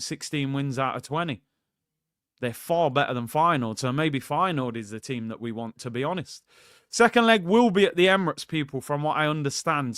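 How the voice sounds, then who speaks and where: A man's voice: on the high side, fairly bright tone, smooth. A man hosting a casual livestream, chatting loosely, reading out viewer comments and calling his audience "people". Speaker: football fan channel host.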